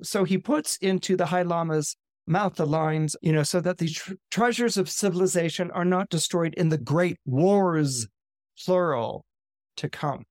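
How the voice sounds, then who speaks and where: A man's voice: high voice, unhurried, a little mellow, no echo, clean studio sound. A man hosting a podcast who retells a story casually and conversationally, with frequent fillers. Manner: conversational, with fillers like "you know". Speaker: astrologer podcast host.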